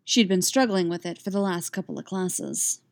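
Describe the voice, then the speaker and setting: A woman narrating a novel in a steady, even storytelling voice. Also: on the low side, normal speed, vocal fry, dry recording, studio quality. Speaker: audiobook narrator. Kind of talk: scripted narration.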